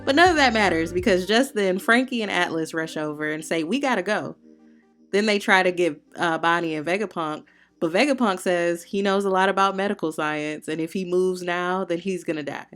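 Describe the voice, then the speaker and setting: A woman's voice: lowish voice, a little fast, a bit bright, soft background music. A woman hosting a manga review, recapping the chapter in casual, slangy, opinionated talk with playful heckling asides.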